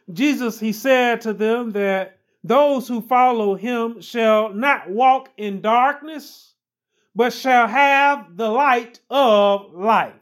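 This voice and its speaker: Preacher, male, unhurried sermon delivery with repeated emphatic lines. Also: sits high, a bit bright. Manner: slow, emphatic, repeats phrases with rising stress.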